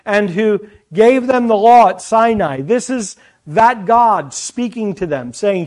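A man's voice: high voice, expressive, takes it slowly, darkish tone. A man preaching a sermon, teaching earnestly from scripture with chatty asides to the congregation.

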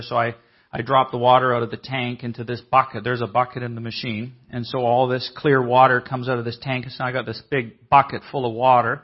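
A man telling a story in a conference sermon, acting out the people he quotes in a lively way. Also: medium pitch. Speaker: conference speaker. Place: church hall. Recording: dull, muffled audio.

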